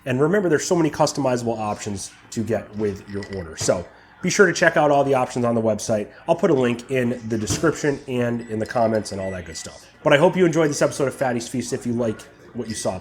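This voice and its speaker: A young man hosting his barbecue channel, chatting casually while tasting brisket and sometimes talking with his mouth full. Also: mid-range voice, expressive, a little hiss or hum. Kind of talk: casual cooking vlog, tasting and reviewing.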